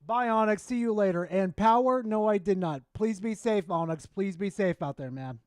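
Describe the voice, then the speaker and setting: High-voiced excitable male streamer. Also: moderate pace, no room sound, clean studio sound. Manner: excitable, swears a lot, talks to chat. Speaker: streamer host. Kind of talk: casual live-stream chat.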